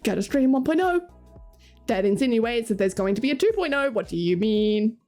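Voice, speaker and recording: A woman's voice: on the high side, sing-song, a little fast, darkish tone. A young Australian woman streaming, chatting casually with her viewers and reading chat aloud, laughing often. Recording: faint music behind.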